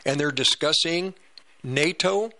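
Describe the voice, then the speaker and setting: Slow, bright-voiced man on political radio. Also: fairly high pitch. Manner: rambling, repeats himself. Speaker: radio show host. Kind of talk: political commentary monologue.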